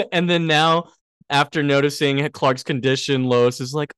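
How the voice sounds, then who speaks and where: A man's voice: fairly high pitch, slow pace, a bit bright, clear, resonant tone, dry recording, studio quality. A man co-hosting a casual podcast, retelling a TV episode and acting out the characters' lines. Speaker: podcast co-host recapping a TV episode. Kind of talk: casual chat.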